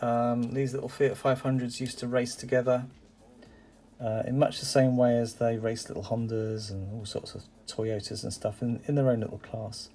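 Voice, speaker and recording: A man's voice: medium pitch, little pitch movement, moderate pace, dark tone. A man chatting casually and enthusiastically while unboxing and reviewing die-cast toy cars, with lots of "uh" and "um" and frequent exclamations. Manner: enthusiastic and exclamatory, with many fillers. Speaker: toy car collector reviewing a parcel.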